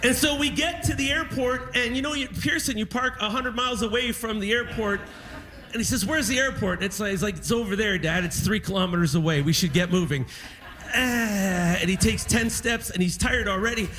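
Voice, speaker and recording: Guy doing standup, high bright voice, big animated storytelling, hall stage. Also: a little fast. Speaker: stand-up comedian. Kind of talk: stand-up comedy set. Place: large concert hall stage.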